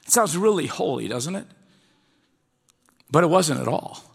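A man's voice: on the high side, expressive, a little slow, vocal fry, husky. A male pastor preaching a sermon, retelling a scripture story in a conversational way. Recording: long hall reverb.

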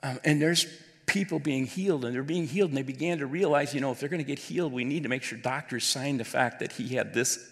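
A man's voice: medium pitch, fast talker, a bit bright. A man, a pastor, telling a personal story during a sermon in an earnest, heartfelt way. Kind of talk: sermon testimony. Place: church auditorium. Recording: long hall reverb.

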